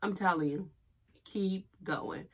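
Still tearful, the young business owner talks slowly to camera in a medium-pitched voice over a noisy background. Her heartfelt, casual talk is full of fillers and passionate, expressive motivational statements.

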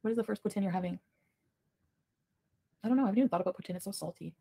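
Woman, husky, warm dark voice, rapid chatter, giggly livestream talk. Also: medium pitch. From Ottawa, Canada. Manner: chatty, giggly, reads viewer comments aloud. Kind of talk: casual livestream chat with viewers.

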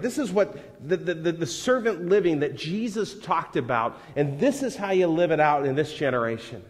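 A male pastor delivering a live sermon, his voice sitting a little high for a man. He talks conversationally and then swells into dramatic readings of scripture. The sound carries a long reverb from a large church hall. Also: lively intonation, normal speed, hardly any pauses. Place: church sanctuary.

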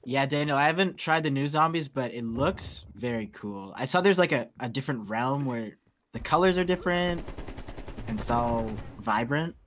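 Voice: medium pitch, lively intonation, moderate pace, fairly bright tone, a little hiss or hum. A player chatting easily with friends over headset voice chat during a shooter game, chuckling often. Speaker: stream guest and teammate. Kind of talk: casual gaming chat.

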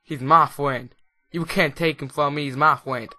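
A man voicing a jealous, possessive male pet dog that rants loudly and indignantly. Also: on the high side, steady tone, normal speed. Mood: jealous, angry. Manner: loud, indignant ranting.

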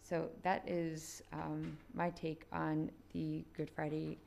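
A woman speaks slowly and haltingly in a very low, flat, creaky voice. She is wrapping up her panel remarks. Loud noise runs under the recording. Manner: halting, with many fillers. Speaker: panel speaker, political science professor. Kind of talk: hesitant closing remarks.

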